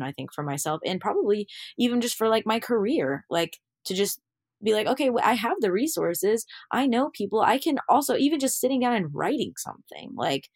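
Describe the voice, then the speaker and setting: A woman's voice: medium pitch, no room sound, clean studio sound. A young woman, an actor, chatting candidly as a guest, full of fillers and quoting herself as she tells stories. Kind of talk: casual interview chat.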